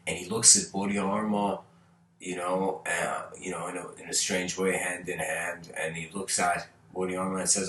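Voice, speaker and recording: A man's voice: sits low, flat delivery, normal speed, fairly bright tone, slight background noise. A man who is a spiritual teacher, answering viewer questions in a casual, rambling way with many restarts. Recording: roomy, distant mic.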